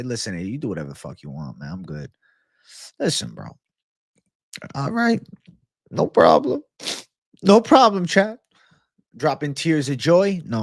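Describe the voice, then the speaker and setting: A young man with a mid-range voice hosts a casual livestream, joking loosely, swearing a lot and reading and talking to his chat. The recording is dry and studio quality.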